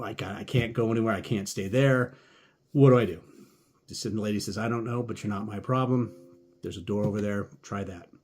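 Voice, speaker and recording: Husky low-voiced man telling a travel story. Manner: animated retelling, acting out both sides of conversations. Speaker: podcast host. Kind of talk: casual storytelling.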